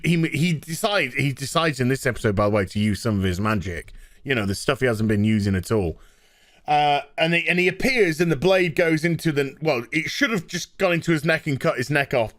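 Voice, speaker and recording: A man's voice: fairly high pitch, fairly bright tone, no echo, studio quality. Exasperated, sweary man. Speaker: show reviewer. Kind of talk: ranting review.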